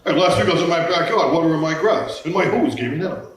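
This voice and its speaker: A man doing an impression of a gruff, put-upon older comedian, firing off self-deprecating one-liners. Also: a little high, animated, a little hiss or hum, lightly acted. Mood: complaining. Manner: rapid one-liners, self-deprecating, tagging lines with "you know". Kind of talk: stand-up impression.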